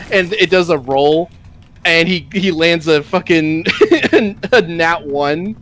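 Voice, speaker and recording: A man with a slightly high voice, chatting casually on a stream. He tells stories animatedly and laughs his way through them. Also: unhurried. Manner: animated storyteller, laughs while retelling. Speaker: stream co-host. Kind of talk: casual gaming chat.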